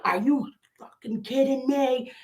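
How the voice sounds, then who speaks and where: A woman's voice: sits high, unhurried, darkish tone, voice pushed up. A woman voicing a hot-tempered young male police officer who talks in a brash, profane way. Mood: irritated.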